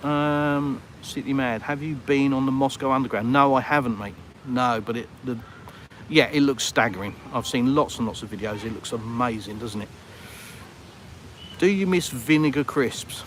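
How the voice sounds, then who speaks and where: A vlogger from Britain rambles to his live audience while walking outdoors on a town street with traffic, often putting himself down. He has a mid-range, slightly bright voice, a British English accent, and normal speed, with a little hiss or hum in the audio.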